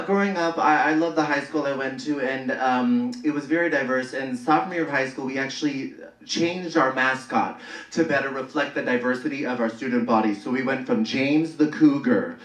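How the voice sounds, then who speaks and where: A man from the Bay Area doing a live stand-up set, camp and animated, jumping into shrieking high voices for punchlines. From San Francisco Bay Area. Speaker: stand-up comedian. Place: comedy stage before a laughing audience. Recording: echoey live room, mic heard from far off, clear crowd noise.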